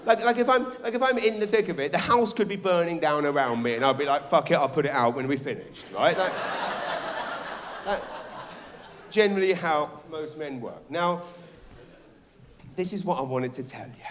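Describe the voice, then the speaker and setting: A middle-aged man performing a rambling, animated stand-up comedy set on a theatre stage. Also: a little high, moderate pace, pauses often. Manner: animated, shouting bits, rambling restarts. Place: theatre stage before a live audience.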